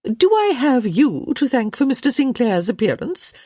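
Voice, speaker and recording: A woman voicing a gushing high-society matron. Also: sing-song, a little mellow, slightly rough, dry recording, clean studio sound, heavily acted. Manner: gushing, slow and emphatic. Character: effusive gossiping society mother, older woman.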